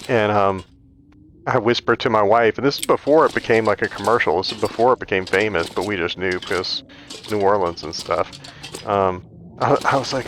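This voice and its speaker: A man's voice: lowish voice, moderate pace, fairly bright tone, a little hiss or hum. A man hosting a gaming video, telling a rambling, chatty story while he plays, full of "like" fillers. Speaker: gaming channel host. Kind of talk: casual storytelling over gameplay.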